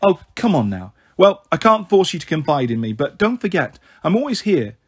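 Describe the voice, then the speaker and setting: A man reading aloud and voicing a middle-aged female teacher who speaks primly and coaxes gently. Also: fairly high pitch, big pitch swings, moderate pace, breathy edge. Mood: coaxing. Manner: prim, gently coaxing.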